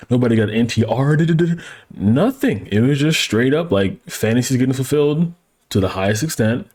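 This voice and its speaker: A man's voice: mid-range voice, expressive, normal speed, darkish tone. A man hosting a casual anime review, talking in crude slang with frequent laughing asides.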